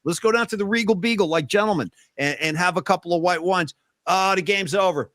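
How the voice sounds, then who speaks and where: A man's voice: sits high, a little fast, no echo, clean studio sound. A middle-aged man co-hosting a podcast, chatting casually and animatedly about sports and pop culture. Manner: animated, swings into loud impressions and sung lines. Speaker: podcast co-host.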